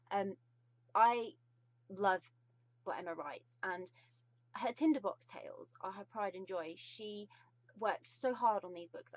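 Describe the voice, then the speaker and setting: A British woman gushes through a casual video book review, effusive and pausing often. Her pitch is medium, and the sound is lo-fi with no echo.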